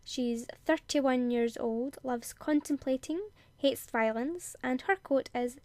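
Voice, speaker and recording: A woman's voice: sits high, slow pace, mellow, no echo. A young woman hosting a gaming video, reading character bios aloud, giggling and tripping over words. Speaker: gaming channel host.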